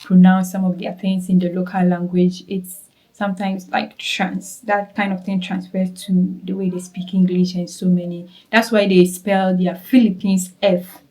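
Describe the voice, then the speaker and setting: A woman's voice: fairly low pitch, little pitch movement, normal speed, dark tone, poor audio. A young woman from Ghana speaks with a Ghanaian accent in easy, casual vlog chat. She often repeats words for emphasis and turns to ask her viewers if they follow. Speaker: travel vlogger.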